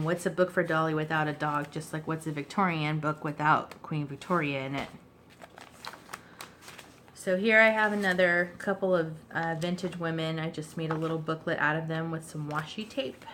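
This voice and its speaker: A woman giving a relaxed, chatty show-and-tell of her handmade journal, clearing her throat now and then between fillers. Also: low voice, noisy background. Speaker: craft vlogger. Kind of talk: casual show-and-tell craft video.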